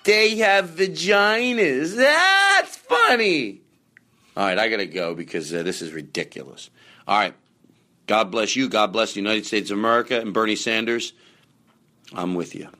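A man hosting a podcast, telling rambling comic stories with loud outbursts and mumbled asides. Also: lowish voice, a little fast, no room sound. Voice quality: animated, swings between loud outbursts and mumbles. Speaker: podcast host. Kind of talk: rambling comedic storytelling.

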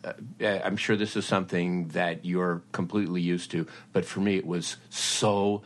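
A man hosting an interview, asking relaxed, curious questions. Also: sits low, moderate pace. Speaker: interview host. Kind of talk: casual interview chat.

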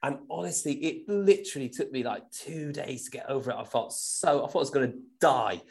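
A man's voice: mid-range voice, fairly quick, vocal fry, a little mellow. A man, a guest musician, telling stories casually and animatedly, often tagging "right?" and laughing as he goes. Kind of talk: casual storytelling.

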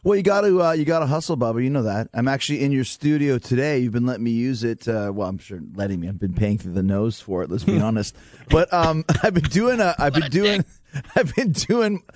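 A middle-aged man from Canada with a Canadian accent, chatting as a radio studio guest, telling stories with quick laughs and acted-out quotes. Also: mid-range voice, no room sound. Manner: animated storyteller, laughs often, acts out quotes. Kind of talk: casual radio studio chat. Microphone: studio mic.

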